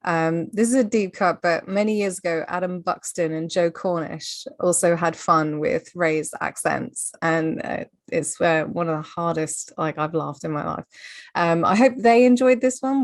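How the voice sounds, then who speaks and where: Woman on a podcast panel, wry and amused, lowish voice, dry close sound. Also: normal speed, no room sound. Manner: wry, amused, laughs easily. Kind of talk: casual panel chat.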